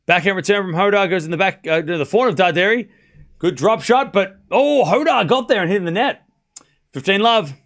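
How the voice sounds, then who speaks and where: A man's voice: high voice, lively intonation, a little fast, a bit bright. A man casually commentating a live tennis match on a stream, joking and chatting with viewers. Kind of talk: casual watchalong play-by-play.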